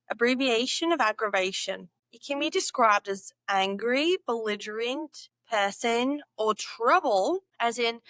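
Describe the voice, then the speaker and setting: A woman's voice: a little high, moderate pace, hardly any pauses, a bit bright, no room sound. A young woman vlogging at home in a goofy, playful way, repeating slang words over and over and giggling at her own tries. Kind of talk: playful casual vlog, practising slang.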